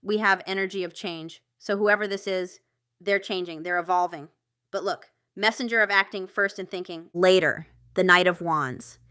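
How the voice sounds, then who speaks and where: Tarot reader woman, smooth clear tone, bright; talks casually, excitable, full of fillers. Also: lowish voice, moderate pace, no room sound, studio quality. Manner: chatty, excitable, thinks aloud with many fillers. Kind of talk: casual tarot reading monologue.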